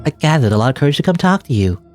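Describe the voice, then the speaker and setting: A man's voice: a little high, big pitch swings, very fast, a little mellow, soft background music, pitched above the performer's own voice. A man doing an eager, clingy schoolgirl. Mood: sulky. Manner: eager, pleading, sweetly insistent. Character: lonely, clingy teen schoolgirl with a creepy edge. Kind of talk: visual novel voice reading.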